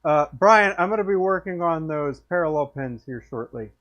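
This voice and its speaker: A man with a fairly high, animated voice speaks at a moderate pace on a muffled recording, signing off his workshop live stream. Tipsy and hiccuping, he rambles in a friendly way and slurs his thoughts.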